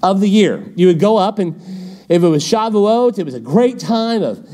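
A man's voice: high voice, normal speed. A middle-aged man teaching a midweek Bible study as pastor, in a conversational, storytelling way. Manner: conversational, animated storytelling with laughs.

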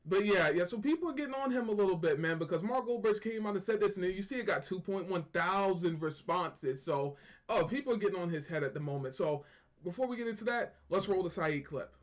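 Man, fan-channel host, high voice, rambling casual reaction. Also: animated, quick pace. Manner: loose, chatty, repeats himself.

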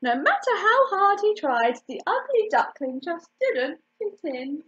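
A woman reading a children's picture book aloud in an expressive way, stopping to ask the listener questions. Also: very high voice, unhurried. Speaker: storytime reader. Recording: dull lo-fi recording.

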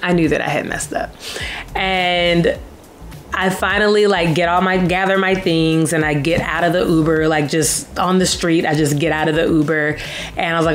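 A young woman telling a travel story to camera in a casual, animated way, acting out voices. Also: fairly low pitch, normal speed, faint music behind. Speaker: travel vlogger.

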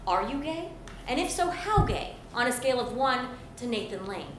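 A woman's voice: fairly high pitch, very animated, moderate pace, background noise. A woman playing a famous TV interviewer in a comedy sketch, polished and exasperated. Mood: poised. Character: impression of a famous female TV interviewer, poised but exasperated. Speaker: talk show host. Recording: echoey studio with loud audience.

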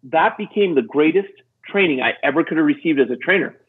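Middle-aged man, husky voice, fairly high, tinny phone-like sound, animated storyteller. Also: a little fast. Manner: acts out quoted voices, lively pitch jumps. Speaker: guest.

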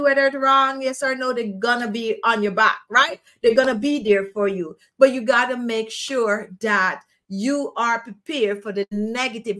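A woman's voice: on the high side, a bit bright. A woman with a Jamaican accent hosting a casual live show, talking in an earnest, encouraging way and repeating phrases for emphasis. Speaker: host of a skincare live show. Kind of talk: casual live-stream chat.

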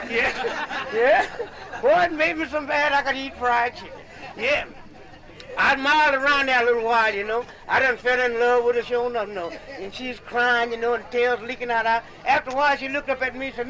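A man's voice: very high-pitched, steady tone, normal speed, pushed and bright, a faint crowd, poor audio. An older man, chuckling through a folksy comic tall tale at a medicine show, outdoors. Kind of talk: comic storytelling monologue.

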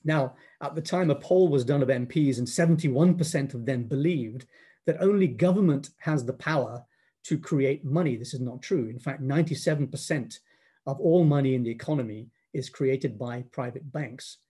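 A man's voice: mid-range voice, mellow, husky. Earnest man lecturing. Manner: thoughtful, halting, earnest. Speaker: guest speaker. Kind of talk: public lecture.

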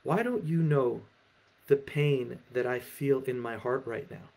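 A man's voice: fairly high pitch, unhurried, mellow, voice pushed up. A man voicing a drunk male Russian peasant who pleads with his friend about love. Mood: hurt.

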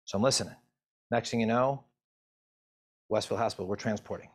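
Husky middle-aged man telling a story. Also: fairly low pitch. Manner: emotional, halting storytelling. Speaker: physician assistant and medical educator. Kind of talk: personal story told to camera.

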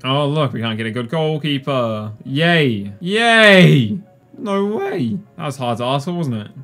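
A young man giving casual gameplay commentary, sarcastic and exasperated, breaking into excited yelps. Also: medium pitch, normal speed, soft background music. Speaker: gaming YouTuber.

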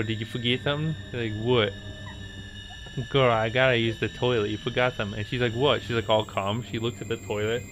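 Guy on a game stream joking around, lowish voice, teasing, animated, steady hiss behind him. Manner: playful, animated, teasing, keeps saying "girl". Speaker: gaming streamer. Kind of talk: casual storytelling while streaming a game. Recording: steady background noise.

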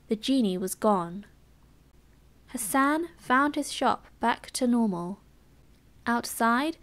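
A woman with a British English accent reading a bedtime storybook aloud in a soft, gentle ASMR style. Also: on the high side. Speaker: storybook reader.

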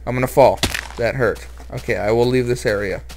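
A man's voice: mid-range voice, steady tone, fairly quick, noisy background. A man commenting on his own game as he plays, rambling, joking and sounding a little nervous. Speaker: let's play host. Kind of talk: gameplay commentary.

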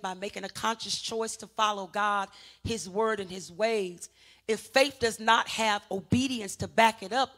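Woman, pastor, sermon, bright voice, emphatic preaching. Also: mid-range voice. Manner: preaching with call-and-response urging; rises to loud emphatic peaks, then drops to a quiet teaching tone.

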